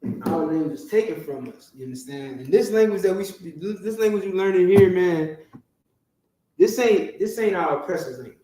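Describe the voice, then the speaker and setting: Man teaching a class, fairly high voice, heard from far off, heavy room echo. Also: lively intonation, moderate pace, mellow. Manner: keeps checking in with the listeners. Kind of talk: classroom lecture. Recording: very echoey room, distant from the mic.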